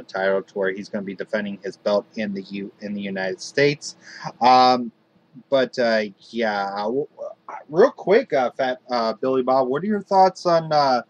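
A man hosting a hobby wrestling show, talking haltingly with lots of fillers. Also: mid-range voice, muffled recording. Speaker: host.

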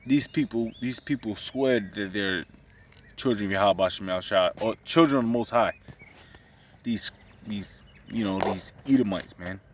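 A man's voice: on the low side, measured pace, far from the mic, slight background noise. A man giving casual religious commentary, profane and agitated, returning to the same phrases again and again.

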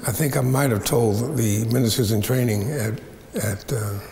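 A man's voice: mid-range voice, moderate pace, vocal fry, crowd noise. A man in his seventies, a preacher lecturing at a seminary, who tells folksy stories with playful asides. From United States. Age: 70s. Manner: folksy storyteller, playful asides, stretches words for effect. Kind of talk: storytelling lecture. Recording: echoey hall with long reverb.

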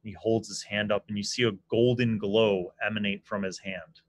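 A man narrating as game master, casual and quick to react to his players. His voice is medium-pitched and dry, with little room sound. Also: fairly even intonation, no echo.

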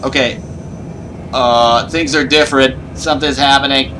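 A man's voice: mid-range voice, steady tone, unhurried, sharp tone, slight background noise. A man giving nervous, panicky running commentary while playing a horror game. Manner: nervous, panicky self-talk. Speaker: gaming YouTuber.

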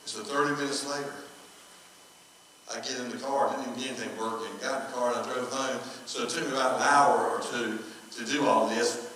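A man's voice: medium pitch, steady tone, fairly quick, pushed and bright. A man, a pastor preaching a sermon in a folksy, conversational storytelling way, acting out quoted dialogue. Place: church sanctuary. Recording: echoey hall, from far off.

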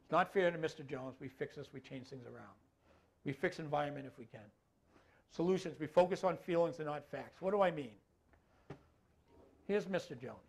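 A man's voice: on the high side, normal speed, gravelly, long pauses, slightly rough. A middle-aged man training an audience on dementia care, talking in a loose conversational way and often checking in with the listeners. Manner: conversational, keeps checking in with the audience, tacks on filler phrases. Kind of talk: talk to an audience.

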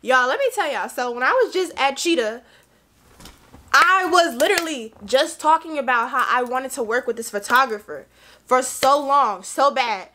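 A young woman chatting excitedly to her vlog viewers, a little tipsy and talkative. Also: sits high, normal speed. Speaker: vlogger. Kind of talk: casual chat to camera.

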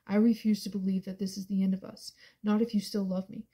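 A woman's voice: mid-range voice, flat delivery, quick pace, dark tone, slightly rough, natural voice. A woman reading the part of a desperate, devoted young man, pleading earnestly.

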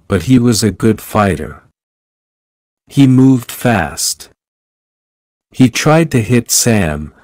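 Very slow male audiobook narrator. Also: mid-range voice, darkish tone, dry recording. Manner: slow, clear reading for learners. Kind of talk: graded reader audiobook narration.

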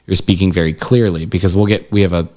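Low-voiced man telling lively stories. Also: quick pace. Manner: animated storyteller, acts out quotes with jumps in pitch. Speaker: haunted house manager and scare actor. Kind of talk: casual interview chat.

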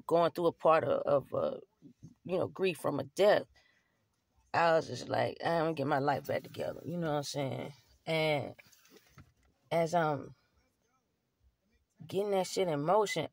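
A woman's voice: low-pitched, lively intonation, a little slow, gravelly, long pauses, no echo, clean studio sound. A young woman vlogger telling her own story to camera, candid and street-casual, with plenty of swearing and fillers. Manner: blunt, profane, street-casual talk with many fillers.

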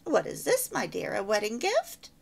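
A woman's voice: mid-range voice, huge pitch swings, moderate pace, vocal fry, a little hiss or hum, heavily acted. A woman voicing a majestic, critical older female cousin who speaks in grand, exclamatory tones. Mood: grand, gushing.

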